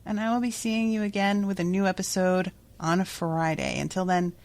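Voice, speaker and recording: A woman's voice: medium pitch, steady tone, moderate pace, a little mellow. A young woman hosting a podcast, recapping a book in a chatty way and swearing freely. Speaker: podcast host.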